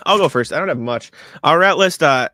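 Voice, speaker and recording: Bright-voiced young man co-hosting a podcast. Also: on the high side, moderate pace, no room sound. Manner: animated storytelling, frequent swearing and filler "like". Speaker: podcast co-host. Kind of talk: casual sports podcast chat.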